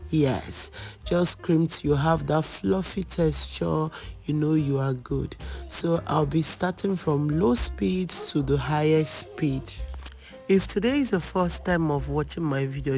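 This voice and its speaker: A baking channel host with a hoarse, worn voice, chatting through a cooking tutorial, reassuring and repeating advice. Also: mid-range voice, a little mellow. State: hoarse, lost voice.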